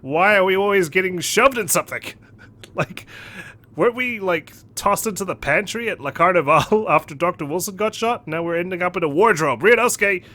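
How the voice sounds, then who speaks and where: A young man giving jokey, animated commentary on a video game he plays. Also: sits high, normal speed. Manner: animated, jokey, laughing asides. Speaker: let's play host. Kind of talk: casual gameplay commentary.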